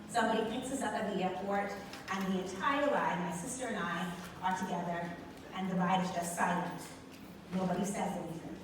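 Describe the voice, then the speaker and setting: Woman from the Bahamas telling a story in an echoey hall. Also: medium pitch. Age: young adult. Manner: expressive storyteller who talks to the audience. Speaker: speaker. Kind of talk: personal story speech on stage. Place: large hall with an audience. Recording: echoey hall from far off, with background noise.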